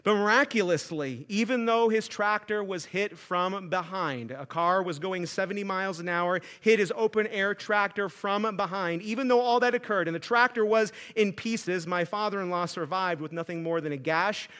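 Bright, high-voiced man preaching a sermon. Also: moderate pace, few pauses. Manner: earnest, builds to emphatic, fervent preaching with frequent "like". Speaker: pastor.

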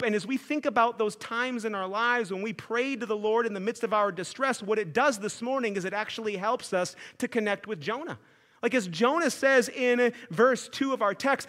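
A pastor in his thirties preaches an earnest sermon, rising into emphatic, fervent passages. His voice sits high and carries a bright, forceful edge. He talks in a loose, conversational way, with "like" dropped in often. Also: normal speed.

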